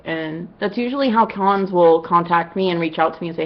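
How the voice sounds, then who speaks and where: A woman's voice: fairly low pitch, a little fast, highs cut off. A woman cosplayer answering fan questions in a casual vlog, chatty and upbeat with lots of "you know" asides.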